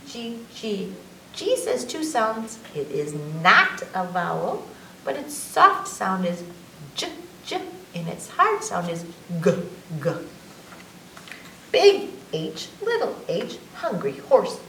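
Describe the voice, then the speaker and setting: A woman's voice: fairly high pitch, slow, creaky. Librarian lady reading abc rhymes to kids, bouncy up and down voice, faint hum behind. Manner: lively, teacherly, stretching letter sounds. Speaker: children's librarian reading aloud. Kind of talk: slow, sing-song children's story time. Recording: echoey room, mic at a distance, faint background hum.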